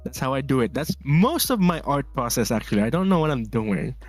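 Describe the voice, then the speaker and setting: Relaxed rambling male streamer, music behind. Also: medium pitch, a little fast, dry recording. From Philippines. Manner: relaxed, rambling, laughs often, reads chat aloud. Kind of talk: casual chat while drawing.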